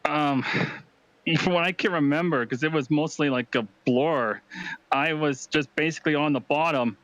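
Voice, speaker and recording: A man being interviewed after winning a sim race, talking excitedly and rambling with fillers. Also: fairly high pitch, normal speed, dry recording, poor audio. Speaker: race winner.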